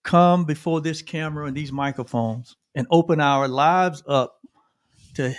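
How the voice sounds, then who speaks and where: A man's voice: a little high, unhurried, no echo. A middle-aged man co-hosting a livestream, talking earnestly about gratitude and often repeating himself. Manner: earnest, repeats phrases, ends with "right?". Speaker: co-host. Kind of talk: reflective livestream talk on gratitude.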